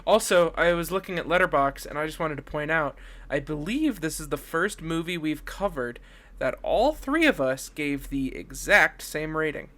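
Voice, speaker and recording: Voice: mid-range voice, animated, moderate pace, a bit bright. A young adult co-host in casual chat about movies, jokey, with lots of "like" fillers. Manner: jokey, acts out scenes with put-on voices. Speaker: podcast co-host.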